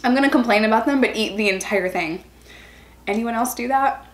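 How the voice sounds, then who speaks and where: A woman's voice: fairly high pitch, fairly quick, reverberant. A young woman chatting casually and self-mockingly at a table at home while eating for her vlog. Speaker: vlogger.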